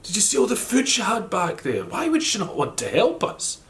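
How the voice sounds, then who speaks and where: A hungry wee boy on the edge of tears, asking his mother why no one will share. His voice rides high and plaintive, well above the teller's own, as a male storyteller puts him on. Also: huge pitch swings, normal speed, fairly bright tone, a little hiss or hum, full character voice. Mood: tearful.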